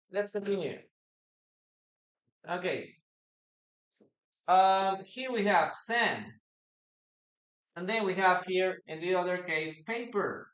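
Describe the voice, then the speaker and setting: An English teacher who speaks Spanish natively, giving a live online lesson, explaining slowly with frequent hesitations and repeated phrases. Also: mid-range voice.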